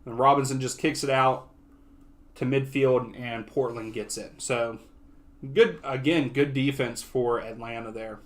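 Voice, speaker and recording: A young man hosting a soccer watch-along, giving casual live play-by-play that often turns excitable. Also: medium pitch, unhurried. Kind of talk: live match commentary.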